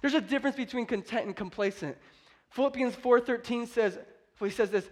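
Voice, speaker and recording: High-voiced fervent young preacher man. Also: brisk. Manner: fervent, emphatic preaching, acts out scripture quotes. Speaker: pastor. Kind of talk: sermon.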